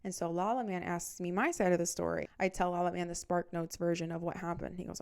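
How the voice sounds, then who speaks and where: Smooth-voiced young woman telling a candid story. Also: on the low side, steady tone, fast talker, few pauses, a little mellow. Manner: candid, swears freely, dramatic retelling. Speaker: podcast host. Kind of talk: casual storytime.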